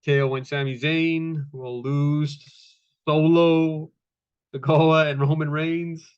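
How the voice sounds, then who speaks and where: A man's voice: fairly high pitch, level tone, takes it slowly, clean tone, lo-fi sound. Laid-back swearing man recapping wrestling. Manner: laid-back, swears freely, many fillers, acts out quotes. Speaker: wrestling show reviewer. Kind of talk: casual recap chat.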